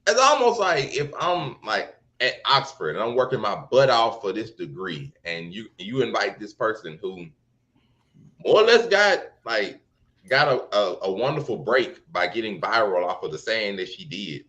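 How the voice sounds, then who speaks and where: Animated, excitable podcast guy. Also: fairly low pitch, normal speed, lo-fi sound. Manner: animated, excitable, laughs often. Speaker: podcast co-host. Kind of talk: casual podcast chat.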